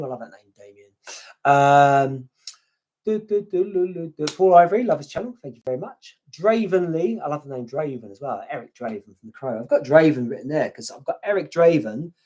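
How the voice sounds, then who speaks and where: Middle-aged man, chatty live-stream host with a slightly raised pitch; meandering, blunt delivery. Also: a little mellow. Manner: chatty, meandering, hums fillers while reading; blunt, swears casually. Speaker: YouTube channel host. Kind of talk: casual live stream chat, reading viewer comments.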